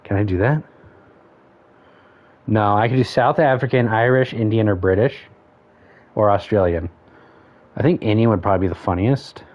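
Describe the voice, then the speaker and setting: A man's voice: fairly low pitch, moderate pace, pauses often. A man streaming a game, chatting casually, thinking aloud and counting off options under his breath. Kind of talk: casual gameplay commentary. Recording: dull lo-fi stream audio.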